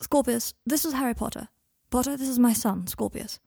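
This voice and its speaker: A woman voicing a remorseful, guarded young father in an audiobook reading, with a soft breathy voice. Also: on the high side, brisk, dry recording, studio quality, voice pushed up. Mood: polite.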